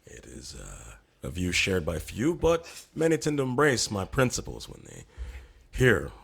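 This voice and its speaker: A man voicing a pompous, self-styled male sage in a comedy bit, speaking in a deadpan, grandiose and slow way. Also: deep voice, gravelly, husky, heavily acted.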